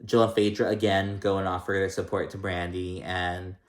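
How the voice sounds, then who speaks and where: Male vlogger, lower register, loose profane gossip tone, recorded in a roomy space. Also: flat delivery, normal speed. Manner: chatty and gossipy, heavy "like" and "um", swears freely. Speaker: reality TV recap vlogger. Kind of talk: casual episode recap.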